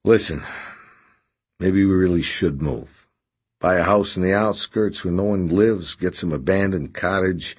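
A man's voice: deep voice, unhurried, slightly rough. A man reading an audiobook, voicing a tired working man who speaks in a dry, teasing way. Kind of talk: audiobook character voice.

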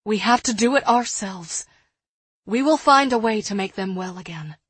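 A woman's voice: medium pitch, lively intonation, normal speed, a bit bright, breathy edge, no echo. A woman voicing a fierce, worried woman caring for sick children, talking sharply and urgently. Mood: determined.

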